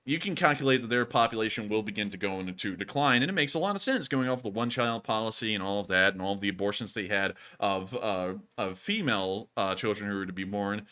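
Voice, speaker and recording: Animated bright-voiced streamer. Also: male voice, lowish voice, fast, few pauses. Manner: animated, mocks critics in a raised voice. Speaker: host of a war news stream. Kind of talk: casual live-stream commentary.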